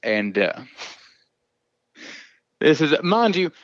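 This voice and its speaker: Male storyteller, crude and animated, dull dry sound. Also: on the high side, drawn-out words, no echo. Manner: profane, drawling, laughs often. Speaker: volunteer firefighter telling a story. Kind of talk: casual storytelling.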